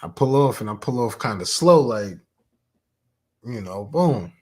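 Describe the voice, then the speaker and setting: A man co-hosting a casual podcast, telling a story in a laid-back, often quiet way. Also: medium pitch, lively intonation, unhurried, slightly rough. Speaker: podcast co-host.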